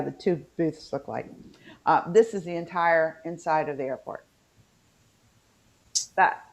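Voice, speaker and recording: A woman with a West Virginian accent, co-hosting a casual chat over a video call, rambling with frequent ums. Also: low voice. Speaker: co-host.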